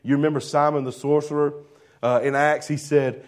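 A man preaches a sermon in a conversational style, putting rhetorical questions to the congregation and sinking into a soft, low voice on key phrases. His tone stays level and his pace is moderate.

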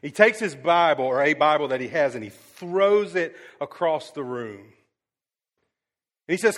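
A male pastor delivering a sermon, telling stories with sudden swings from hushed to loud and scattering fillers like um. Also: on the high side, lively intonation, fairly quick, big-room sound. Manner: frequent "um" fillers and restarts.

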